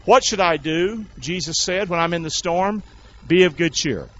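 Animated folksy preacher man. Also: moderate pace, lo-fi sound. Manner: call-and-response preaching with congregation; folksy, animated, swings between shouts and low asides. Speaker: pastor. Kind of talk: sermon.

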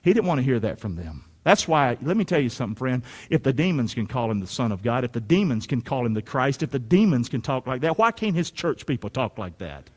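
A male pastor, preaching an animated sermon that swings from shouts to quiet asides. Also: medium pitch, fairly quick, few pauses, long reverb tail.

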